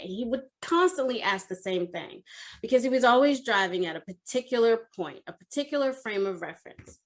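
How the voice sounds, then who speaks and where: A woman in her forties, a coach, telling a personal story in an expressive, animated way at an online summit. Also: fairly high pitch, brisk.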